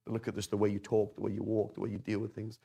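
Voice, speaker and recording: A man's voice: lowish voice, monotone, racing, gravelly, mellow, husky. A man teaching an informal Arabic class, talking conversationally and tossing rhetorical questions at his students.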